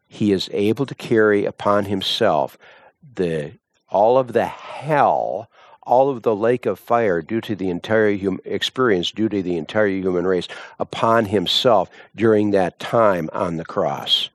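A male preacher delivers a sermon at an unhurried, measured pace. His voice is recorded dry and close, with no room sound. He moves from calm scripture reading into fervent, high-pitched appeals. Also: no room sound. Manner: slow, deliberate preaching that rises to impassioned high pitch.

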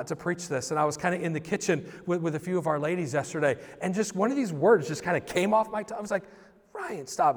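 A male pastor delivers a conversational sermon, his voice sitting a little higher than most men's. He talks informally, restarting phrases and doubling words as he goes. The recording carries the long reverb of a church sanctuary.

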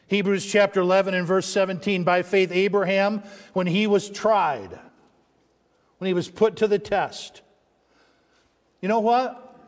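A man's voice: high voice, in a large hall. A man preaching a sermon as pastor, building emphasis and asking the church call-and-response questions.

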